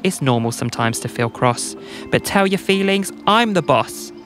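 A man voicing a laid-back ladybug who teaches mindfulness in a rhymed bedtime story, mellow and calming. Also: on the high side, normal speed, faint music behind. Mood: mellow, soothing.

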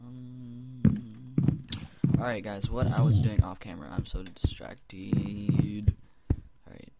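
A man's voice: fairly low pitch, slow pace, creaky, heavy background noise. A man giving rambling let's-play commentary on a gaming headset, mumbling and drifting into whispered asides. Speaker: gamer commentator.

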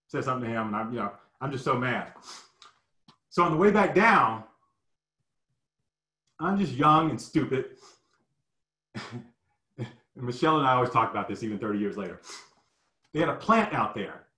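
Man, 50s, animated storyteller, acts out characters, echoey room. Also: mid-range voice, normal speed, long pauses. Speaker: guest storyteller. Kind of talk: personal storytelling. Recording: roomy echo.

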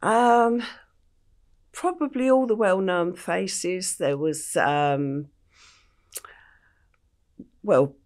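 An older woman from England, a podcast guest recounting her life story in a plain, unhurried way with frequent ums. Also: on the low side, a little mellow.

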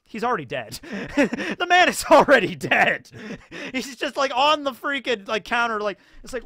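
A man hosting casual, rambling anime commentary in an animated way with many fillers. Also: very high-pitched, normal speed.

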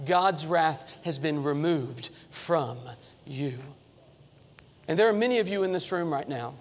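A man preaching an earnest, emphatic sermon, slowing and repeating key lines to drive them home. His voice sits a little high. It rings with a long reverb through the church sanctuary. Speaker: pastor.

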